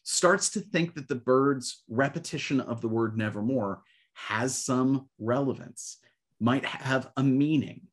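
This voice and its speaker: A man teaching literature in an online webinar, reading verse aloud with rhythmic swells, then explaining it with many fillers. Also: medium pitch. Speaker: literature professor. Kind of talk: webinar lecture with recitation. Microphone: webcam or desk mic on a video call.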